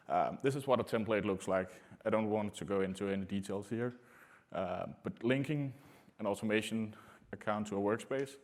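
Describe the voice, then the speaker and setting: A man giving a technical conference talk to a room, speaking in a halting way with many filler sounds. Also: fairly low pitch. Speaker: conference presenter.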